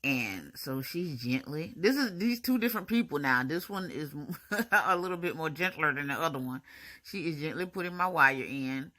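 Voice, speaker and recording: A woman's voice: sits low, normal speed. A woman, chatting to viewers in a casual voice-over about her braces appointment. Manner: chatty, animated, talks to viewers as y'all, honey and baby.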